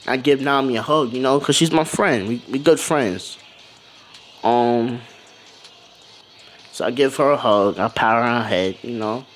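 A man's voice: medium pitch, a little slow, pauses often, slight background noise. Man rambling through a fan story. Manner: animated, loose and rambling. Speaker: channel host. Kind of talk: casual fan-fiction storytelling.

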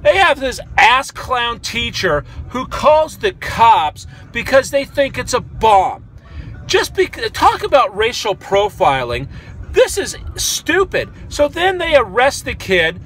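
Bright, sharp-voiced American guy venting in his car, sarcastic and fired up. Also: extremely high pitch, very animated, unhurried. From United States. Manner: angry, sarcastic, loud outbursts. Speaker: vlogger. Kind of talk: ranting commentary.

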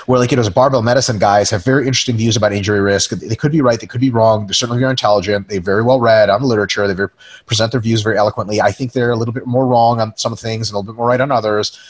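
A man's voice: medium pitch, slightly rough. A man co-hosting a webinar, chatting casually and profanely, joking around and reading viewer questions aloud. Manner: swears freely, jokey, reads questions aloud. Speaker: podcast co-host.

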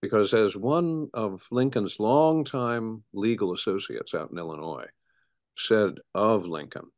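A middle-aged man, a historian, speaking as an interview guest in an animated storytelling way with frequent restarts. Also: on the low side, unhurried. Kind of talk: conversational interview.

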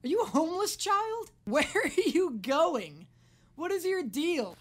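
A woman hosting a reaction video, giving casual, sarcastic commentary, swearing freely and often yelling at the screen. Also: very high-pitched, very animated, unhurried.

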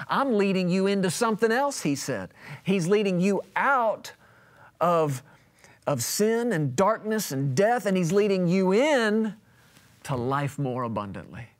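Preaching on television, this man in his thirties speaks in a slightly high voice that lurches between loud and quiet. He keeps his sermon conversational yet emphatic.

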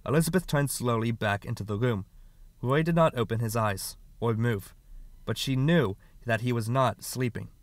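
A man reading a short story aloud as an audiobook narrator, calm and measured. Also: mid-range voice, dry recording.

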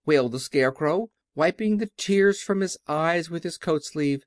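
Animated male audiobook narrator. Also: mid-range voice, moderate pace, few pauses, no room sound, clean studio sound. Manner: expressive, animated reading.

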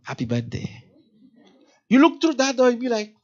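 Male church elder, sermon, lively and emphatic, acts out quotes, lo-fi sound. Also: very high-pitched, moderate pace. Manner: lively preaching, rising to emphatic peaks, acts out quoted dialogue. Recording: dull, lo-fi sound.

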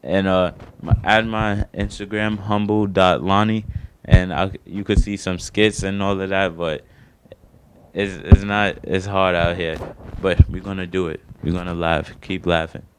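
A young man takes a small studio stage for his first stand-up set, speaking low and unhurried with fairly even intonation, a little hiss or hum in the audio. He's slangy and rambling, often making fun of himself.

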